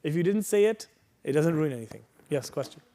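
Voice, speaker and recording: A man's voice: on the high side, animated, fairly quick, warm tone. A man teaching a workshop on prayer, explaining patiently and reassuringly, reciting Arabic phrases and checking in with "right?" and "okay?". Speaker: religious teacher.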